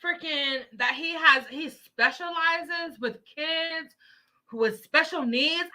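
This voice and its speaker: Fiery, bright-voiced woman ranting. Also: high-pitched, slow. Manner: heated, emphatic ranting with profanity. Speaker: live stream host. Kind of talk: live news commentary.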